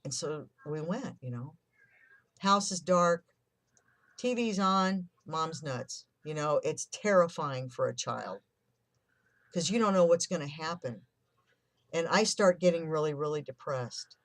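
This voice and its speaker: A person in their fifties speaks at a middle pitch, recounting their own childhood in a raw, confessional way and slipping into the voices of the people they remember. The sound is close and dry. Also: expressive, measured pace, no room sound. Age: 50s. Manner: candid and emotional, swears, acts out remembered quotes. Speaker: vlogger sharing a personal story. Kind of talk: personal storytelling.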